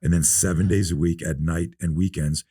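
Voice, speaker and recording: A man in his fifties, a self-defense instructor, telling stories in a relaxed podcast interview and acting out the dialogue. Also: low-pitched, normal speed, husky, dry recording, studio quality. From North America. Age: 50s. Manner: relaxed storyteller who acts out quoted dialogue. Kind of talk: casual storytelling interview.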